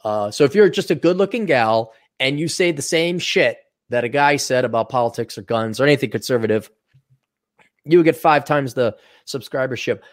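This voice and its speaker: An American man hosting a casual podcast chat, talking in an animated, joking way with quick asides. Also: medium pitch. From United States. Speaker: podcast host.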